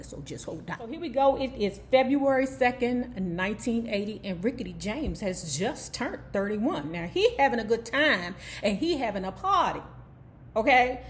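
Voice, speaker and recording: A woman's voice: mid-range voice, slight background noise. A woman hosting a casual book recap, telling the story in a sassy, gossipy way full of asides. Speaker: YouTube book recap host.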